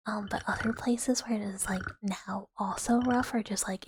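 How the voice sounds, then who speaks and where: A young woman streaming as an ASMR host, chatting with viewers in a soft whispered role-play and rambling with fillers on a close microphone. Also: medium pitch, fairly even intonation, normal speed. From United States. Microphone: close sensitive ASMR microphone. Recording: loud hiss under the whisper.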